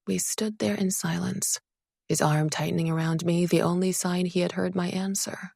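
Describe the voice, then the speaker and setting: A woman narrates a first-person fantasy audiobook with measured, expressive storytelling. Her voice sits low and has a gravelly texture. The recording is dry and close to the mic. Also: no room sound.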